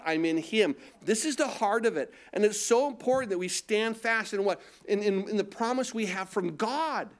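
Guy preaching a sermon, kinda high voice, keeps asking "what?" and answering, gets fired up. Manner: call-and-response questions, rising in intensity. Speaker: pastor.

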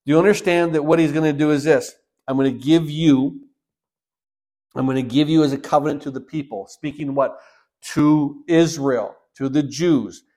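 A man preaching a sermon, reading Bible verses aloud and explaining them, growing louder on key verses and dropping low to close a point. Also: fairly even intonation, normal speed. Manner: reads scripture aloud then explains it, with fillers and repeats. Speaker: pastor.

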